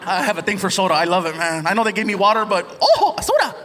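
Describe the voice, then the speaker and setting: High-voiced man doing animated stand-up. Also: fast talker, in a large hall, heavy background noise. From United States. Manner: animated, playful, acts out voices. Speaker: stand-up comedian. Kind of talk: stand-up comedy set. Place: large theater with live audience. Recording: live stage recording with loud crowd.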